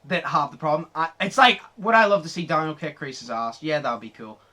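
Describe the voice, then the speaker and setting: A young man hosting a podcast, chatting casually, excitable, laughing often and swearing freely. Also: fairly high pitch, brisk. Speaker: podcast host.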